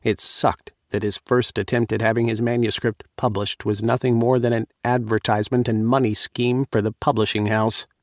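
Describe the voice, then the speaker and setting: A man reading a first-person audiobook in a calm, steady way on a close studio mic. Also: medium pitch, moderate pace, hardly any pauses, no room sound. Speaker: audiobook narrator.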